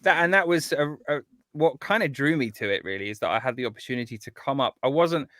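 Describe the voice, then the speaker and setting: A man chats as an interview guest in an eager, rambling way, tripping over his own restarts. His voice sits at a middle pitch and sounds dry and close, with no room around it. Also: expressive, quick pace, fairly bright tone, no echo. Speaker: guest composer. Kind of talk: casual interview chat.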